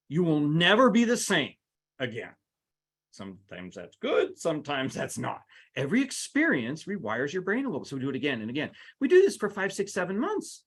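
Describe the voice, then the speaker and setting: A man's voice: on the high side, wildly swooping pitch, a little fast, slightly rough. A man teaching a live workplace seminar, talking straight to the audience with playful asides. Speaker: workplace trainer.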